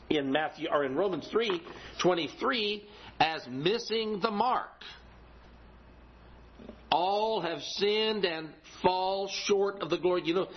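A middle-aged man preaching a sermon, repeating key phrases slowly for emphasis. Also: on the high side, slight background noise. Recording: dull lo-fi recording.

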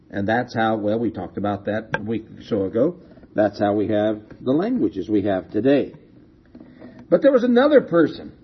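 A man preaching a sermon, telling a story slowly and asking rhetorical questions, heard on a dull lo-fi recording. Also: medium pitch, breathy edge.

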